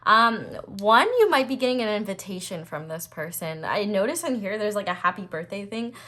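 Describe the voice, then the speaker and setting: A young woman giving a casual tarot reading to her viewers, chatty and full of fillers, breaking into excited bursts as she turns cards. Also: medium pitch, moderate pace. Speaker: tarot reader.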